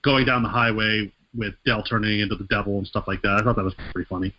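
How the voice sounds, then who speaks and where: A man's voice: on the low side, steady tone, fast. A man in casual podcast chat who laughs often and mimics voices to make a point. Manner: laughs often, does mocking voice impressions. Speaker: podcast co-host. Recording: dull lo-fi podcast audio.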